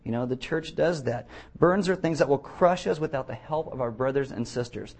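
A man's voice: medium pitch, a little fast, a little mellow. A man preaching a sermon as pastor of a church, telling blunt stories with jokes. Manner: blunt, joking storyteller. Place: church, before a congregation.

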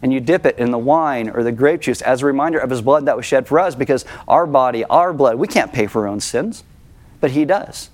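A male pastor preaches in an easy, conversational way with mid-range pitch. He jokes at his own expense, then slows down to land his points. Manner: conversational, self-deprecating, slows for emphasis. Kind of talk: sermon.

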